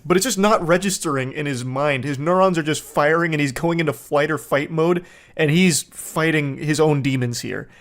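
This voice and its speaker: A man's voice: on the high side, moderate pace, a bit bright. Sardonic man reading texts. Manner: sardonic, incredulous. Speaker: commentator. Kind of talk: comedic commentary reading text messages.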